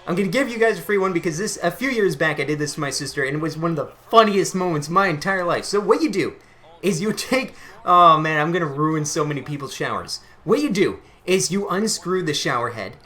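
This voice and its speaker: A man's voice: a little high, expressive, fairly quick, bright, forceful tone. A young man hosting his channel, chatting casually and laughing at his own stories. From Canada. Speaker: channel host. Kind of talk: casual storytelling to camera.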